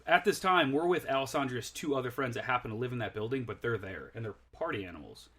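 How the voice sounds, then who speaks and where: A man's voice: mid-range voice, expressive, quick pace, fairly bright tone, husky. A young man, a podcast guest, in a casual chat telling a rambling story that he keeps correcting and laughing through.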